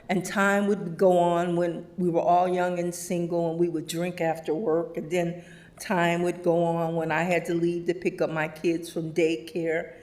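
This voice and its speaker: A woman's voice: fairly low pitch, darkish tone. Middle aged lady telling funny stories at a funeral, laughing a lot, doing everyone's voices. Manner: anecdotal, laughs often, acts out quoted voices. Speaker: eulogist. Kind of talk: personal eulogy storytelling. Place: funeral service.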